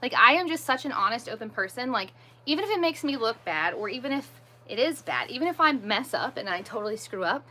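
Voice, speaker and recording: Woman livestreamer with a bright, forceful voice; emphatic, repetitive venting. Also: on the high side, sing-song, fast talker, slight background noise. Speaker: livestream host. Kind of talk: casual livestream chat.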